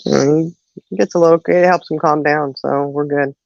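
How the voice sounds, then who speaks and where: A woman's voice: low-pitched, fairly even intonation, brisk, creaky, darkish tone, no room sound. A woman hosting a casual livestream chat, telling stories with frequent laughter. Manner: chatty storyteller, laughs often. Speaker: host of a live chat show. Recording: dull lo-fi dry sound.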